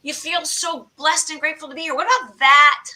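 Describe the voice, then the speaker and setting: A woman in her late fifties hosts a relaxed podcast conversation with lively enthusiasm. Her voice sits a touch high and rings very bright. She talks in a breezy, upbeat way. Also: brisk, rough recording. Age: late 50s. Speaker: podcast host. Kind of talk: casual chat.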